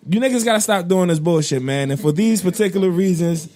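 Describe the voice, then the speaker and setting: A man co-hosting a podcast, ranting in a profane, animated way with bursts of laughter. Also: high voice, moderate pace, few pauses. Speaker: podcast co-host. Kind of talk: casual podcast rant.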